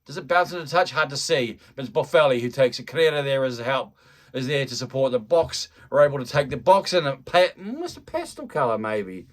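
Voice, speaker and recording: A man with a mid-range voice and lively intonation calls a rugby match at a brisk clip, like a fan doing live play-by-play. His commentary is chatty, rambling and self-deprecating, and he keeps restarting his sentences.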